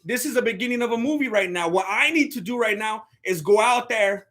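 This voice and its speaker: A young male host offers casual fight commentary on a live stream in a very high, animated voice with a sharp tone, talking a little fast with few pauses. It's rambling and joking, and he often stops and restarts mid-sentence.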